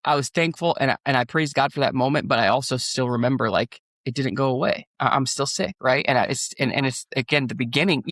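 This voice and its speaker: A man with a gravelly, mid-pitched voice tells a personal story on a podcast. He talks in an earnest, rambling way, full of fillers and restarts. The sound is dry and close. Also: quick pace, few pauses, a bit bright, dry recording. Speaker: pastor and guest.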